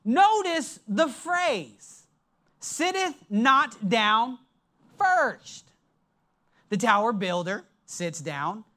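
Preacher, slow emphatic sermon, bright tone, pitch rising and falling widely. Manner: emphatic, slow and deliberate, drops low for stress.

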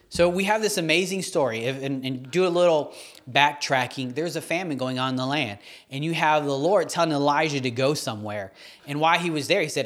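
A man in his thirties preaches a sermon in a slightly high voice. He reads scripture, then retells it in a casual, earnest way, full of restarts and fillers. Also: a little fast, fairly bright tone. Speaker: pastor.

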